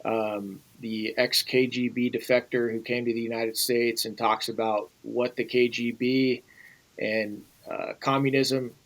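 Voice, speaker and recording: A man's voice: medium pitch, little pitch movement, unhurried, low-quality recording. A man speaking as an interview guest in an urgent, emphatic way, often repeating phrases. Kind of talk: earnest interview conversation.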